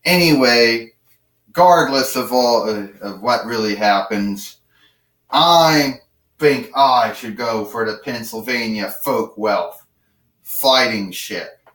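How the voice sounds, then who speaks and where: A man's voice: mid-range voice, takes it slowly, fairly bright tone. A man doing a brash, mocking wrestler. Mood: smug. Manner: mocking, rambling trash talk. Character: brash, rambling male pro wrestler. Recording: roomy, distant from the mic.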